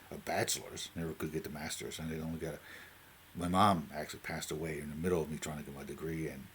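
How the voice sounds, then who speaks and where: A Newfoundland man in his late forties with a deep, low voice talks unscripted to camera. He rambles from one tangent to the next and keeps checking in with a quick "right?". A faint hiss of noise sits under his voice. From Newfoundland, Canada. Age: 40s. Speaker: vlogger.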